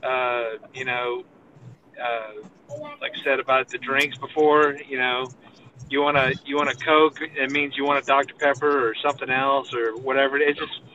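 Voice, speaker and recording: A man's voice: medium pitch, level tone, normal speed, bright, forceful tone, muffled recording, a little hiss or hum. A man from Texas with a Texan accent, chatting casually from a parked car, rambling with lots of fillers. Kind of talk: casual chat.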